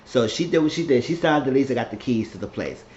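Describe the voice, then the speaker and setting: A man's voice: mid-range voice, animated, fast talker, a little mellow, a little hiss or hum. A man casually recapping a TV season finale in a loose, rambling way, often restarting his sentences. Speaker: TV show recapper. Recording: roomy, dull lo-fi recording.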